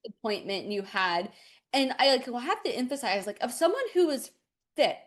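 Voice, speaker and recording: A woman's voice: a little high, very animated, normal speed. Encouraging woman host, filler-heavy. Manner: warm, encouraging, rambling with fillers. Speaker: nutritionist host. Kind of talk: casual interview.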